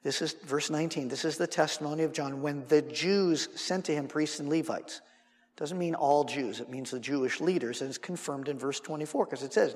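A man's voice: fairly high pitch, expressive, normal speed. A male preacher teaching verse by verse through a Bible passage, acting out the dialogue and adding humorous asides. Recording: long reverb in a hall.

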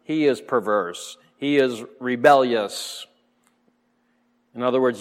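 Male preacher, mid-range voice, relaxed verse-by-verse teaching with fillers; long hall reverb. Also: medium pitch, slow, long pauses. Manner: relaxed, explanatory, frequent "uh" fillers and soft chuckles. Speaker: Bible teacher.

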